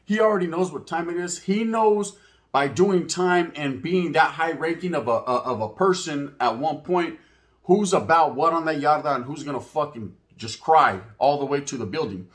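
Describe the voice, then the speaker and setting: A man tells a story in a loose, unscripted way. His voice sits a little higher than most men's. He swears freely and leans on street slang laced with Spanish words. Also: lively intonation, normal speed. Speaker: channel host. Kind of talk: casual storytelling.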